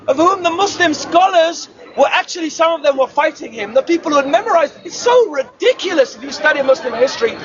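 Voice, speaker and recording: Guy yelling a street sermon in a park, super high voice, crowd noise all around, muffled lo-fi audio. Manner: shouted, emphatic, rhetorical questions. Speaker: street preacher. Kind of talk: outdoor preaching to a crowd. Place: outdoors in an urban park.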